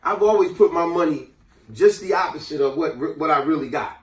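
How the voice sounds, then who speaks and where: A man's voice: fairly high pitch, fairly quick. A man telling a fable and giving life advice in casual chat, acting out the characters as he goes. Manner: animated storyteller acting out characters' voices. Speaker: host. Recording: echoey room, mic at a distance.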